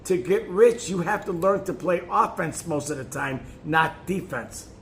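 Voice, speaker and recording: A man with a high voice reads a self-help booklet aloud and pushes hard on key points. He trips and restarts now and then, and a faint hiss sits under the voice. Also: animated, unhurried. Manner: emphatic, with occasional stumbles and restarts. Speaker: narrator.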